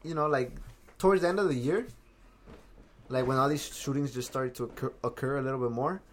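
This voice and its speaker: A man's voice: medium pitch, brisk, a little hiss or hum. A young man co-hosting a casual podcast, asking questions and saying bro a lot. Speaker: podcast co-host.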